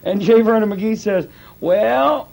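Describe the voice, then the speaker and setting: A male pastor preaching a sermon in an animated, conversational way, acting out quotes as he goes. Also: high voice, takes it slowly, vocal fry, slight background noise, poor audio.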